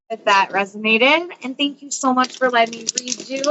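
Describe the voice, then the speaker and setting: A woman's voice: on the high side, fairly even intonation, moderate pace. Soothing tarot-reading woman, noisy background. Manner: soothing, reassuring, rambling with many fillers. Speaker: tarot reader.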